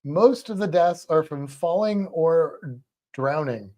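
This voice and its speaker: A man's voice: fairly high pitch, lively intonation, takes it slowly, mellow. Casual man hosting a trivia livestream. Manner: reads out trivia questions and chat comments, laughs often.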